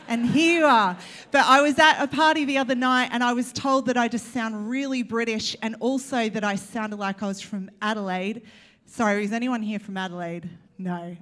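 An Australian woman preaches in a loose, chatty way, joking and talking straight to the people in front of her. Her voice sits a little high for a woman. She is young, and the sermon feels more like conversation than a lecture. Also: a bit bright. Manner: chatty, joking, addressing the congregation directly. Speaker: church speaker. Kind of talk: casual sermon.

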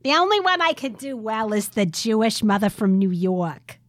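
A woman's voice: a little high, big pitch swings, moderate pace, no echo. Giggly middle-aged woman, dry close sound. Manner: giggly, chatty. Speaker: podcast co-host. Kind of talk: casual chat.

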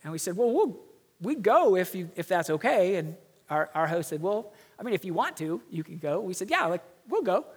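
A middle-aged male pastor preaches, telling a story in an earnest way and slowing down on key words. His voice sits high for a man. The sound carries the long reverb of a church hall. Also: sing-song, breathy edge. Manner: storytelling, earnest, slows for emphasis. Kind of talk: sermon.

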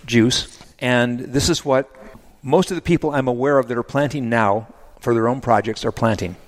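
A vineyard owner and grape grower explaining planting choices in a measured, self-deprecating way during a casual podcast conversation. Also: male voice, mid-range voice.

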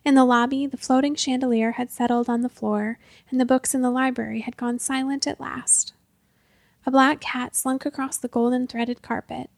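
A woman reads a storybook aloud in an expressive, measured way. Her voice sits fairly high. The recording is close and dry. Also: creaky, no echo. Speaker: narrator. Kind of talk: storybook narration.

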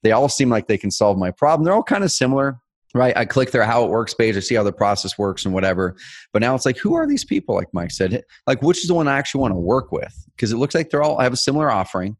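A man co-hosting a casual business chat, telling stories with lively energy. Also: medium pitch, dry recording. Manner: energetic, fast, animated storytelling. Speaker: co-host.

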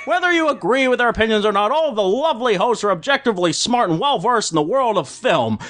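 A man's voice: sits high, fairly bright tone. A man doing a comic impression of a folksy, stammering old-time male film star while reading a listener review.

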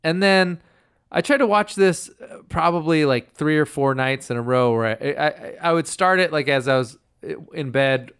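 Laid-back man with a smooth voice. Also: on the high side, normal speed, a bit bright. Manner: laid-back, rambling, filler-heavy. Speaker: podcast co-host. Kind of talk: casual chat.

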